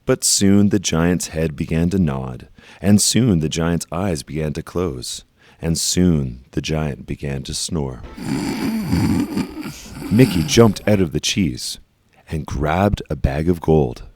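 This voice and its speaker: Very deep-voiced man reading a storybook. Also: darkish tone, slight background noise. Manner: slow, emphatic on repeated phrases. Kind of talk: storybook read-aloud.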